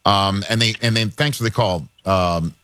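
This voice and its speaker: A man's voice: on the low side, normal speed, fairly bright tone, no room sound, clean studio sound. A man hosting a sports talk radio show, talking emphatically and repeating words as he builds his points.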